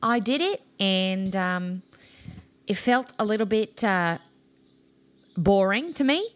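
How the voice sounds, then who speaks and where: An actress playing a breezy, self-assured Australian sketch actress, chatty and playfully defensive in a comedic improv interview. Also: female voice, medium pitch, lively intonation, slow. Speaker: guest.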